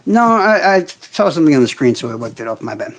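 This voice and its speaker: A man's voice: on the high side, very animated, fast. Profane, combative man ranting on a livestream. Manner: answers chat comments directly. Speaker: livestream host. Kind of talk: casual livestream chat.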